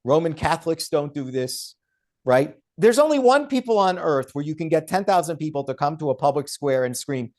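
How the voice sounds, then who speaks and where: This guest author and law professor speaks on a podcast interview in an emphatic, argumentative way, mocking others by quoting them in put-on voices. He has a somewhat high, darkish voice, animated and at normal speed.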